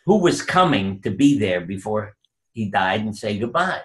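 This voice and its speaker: A man's voice: lowish voice, very animated, normal speed, fairly bright tone. An older man telling personal stories in an interview, acting out what people said. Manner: anecdotal, acts out quoted voices. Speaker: guest. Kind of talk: storytelling interview.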